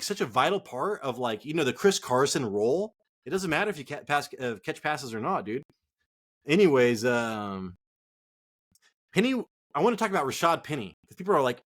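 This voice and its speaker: A man's voice: medium pitch, sing-song, normal speed, fairly bright tone. A man co-hosting a fantasy football show, ranting casually with heated swearing. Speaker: fantasy football podcast co-host. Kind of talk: casual profane rant.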